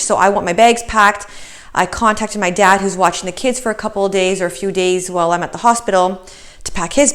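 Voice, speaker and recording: A pregnant woman in her thirties giving a casual vlog update, chatty and slightly out of breath, with many fillers and restarts. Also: medium pitch. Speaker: vlogger.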